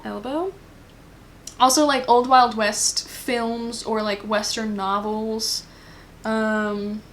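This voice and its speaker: A woman with a somewhat high voice gives a casual tarot reading. She rambles, thinks aloud, and fills pauses with ums and likes. A faint noise sits under her voice. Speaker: tarot reader.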